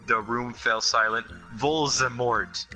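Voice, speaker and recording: Sex: man. Role: comic reader and host. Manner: sarcastic asides while reading aloud. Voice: very bright and crisp, with faint music behind. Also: mid-range voice, fairly even intonation, takes it slowly, rough recording. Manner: sarcastic asides between lines. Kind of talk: comedic dramatic reading.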